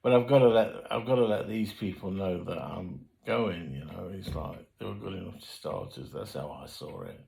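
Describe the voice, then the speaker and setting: An older man tells stories from his youth in a loose, meandering way. His voice sits low and has a gravelly rasp. He trails off and circles back in plain, everyday speech. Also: animated, normal speed, few pauses, dark tone, rough recording. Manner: rambling, colloquial, frequent fillers and self-corrections. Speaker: memoir storyteller. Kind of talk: casual spoken memoir.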